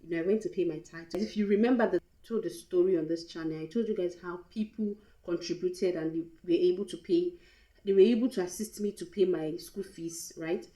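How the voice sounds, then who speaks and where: A young woman with a Nigerian accent shares a personal storytime vlog, open and emotional, dropping into pidgin phrases. Her voice is soft and mellow. The room around her sounds echoey. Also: fairly low pitch, brisk. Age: young adult. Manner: candid and emotional, mixing in pidgin. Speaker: vlogger.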